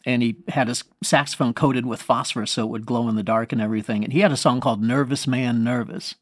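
A man's voice: medium pitch, fairly even intonation, fast, dry recording, clean studio sound. Self-deprecating man telling a rambling story. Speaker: guest musician, saxophonist. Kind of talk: anecdotal storytelling in conversation.

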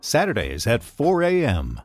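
A male station announcer reading station identification and sponsor credits in a lively, upbeat manner. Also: medium pitch, a little slow, soft background music.

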